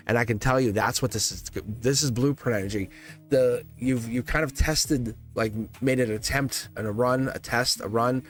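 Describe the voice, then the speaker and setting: A man's voice: mid-range voice, moderate pace, soft background music. A man hosting a live tarot reading stream, talking casually to viewers in a chatty, upbeat way, often laughing and restarting his sentences.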